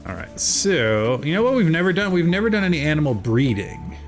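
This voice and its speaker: Brisk and chatty, this South Jersey man in his thirties talks over faint music while playing a farming game on stream. He rambles as he reads and answers his chat, his lively voice jumping suddenly high.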